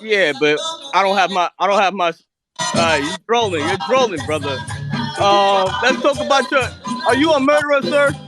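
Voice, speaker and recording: A man's voice: high voice, animated, moderate pace, over music. A man from the United States calling into a live audio room, arguing defensively with the host and talking over him. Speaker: caller. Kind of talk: heated call-in argument.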